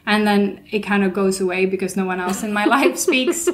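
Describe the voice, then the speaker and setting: A woman co-hosting a relaxed book podcast, talking in a chatty, easygoing way. She laughs easily and drops quick asides as she discusses what she read. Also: mid-range voice. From lived in England for some years, learned English there. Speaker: podcast co-host. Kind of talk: casual book chat.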